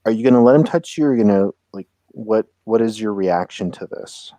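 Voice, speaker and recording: A man with a low, warm voice narrates as game master. He sets the scene and then turns to his players with question after question. The sound is close and dry. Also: lively intonation, fairly quick, no echo.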